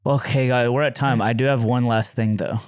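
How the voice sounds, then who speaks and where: A man's voice: mid-range voice, fairly quick, clear, resonant tone, no echo, clean studio sound. A young man and podcast co-host telling a story in casual chat, laughing often and acting out what people said. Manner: animated, laughs often, acts out quotes.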